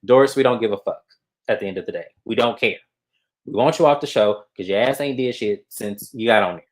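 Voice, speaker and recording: A man's voice: lowish voice, fairly quick. A man co-hosting a casual gossip show about reality TV, talking bluntly and with lots of profanity. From California. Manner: blunt, profane, animated asides. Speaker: co-host.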